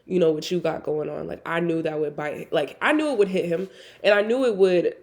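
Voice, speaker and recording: A woman's voice: lowish voice, brisk, darkish tone. A young woman hosting a podcast, telling a personal story in casual, candid talk full of fillers and swearing. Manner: candid, profane, conversational with many "like" fillers. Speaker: podcast host.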